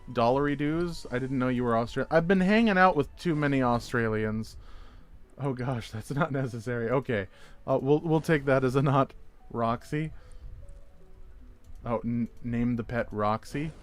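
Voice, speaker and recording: Chatty male game streamer. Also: medium pitch. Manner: chatty, rambling, reacts to chat messages; jokey, playful wordplay. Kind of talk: casual gameplay chat.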